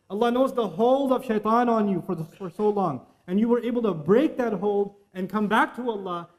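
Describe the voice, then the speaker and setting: A man giving an animated religious lecture, slipping Quranic Arabic recitation into his English talk. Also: very high voice. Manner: animated, acts out inner voices and temptations. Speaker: Islamic preacher.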